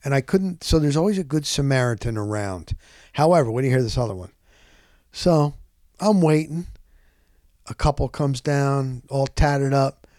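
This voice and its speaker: Man, casual storyteller, animated, dry close mic. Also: mid-range voice, moderate pace, no room sound. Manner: animated, punctuates with sound words.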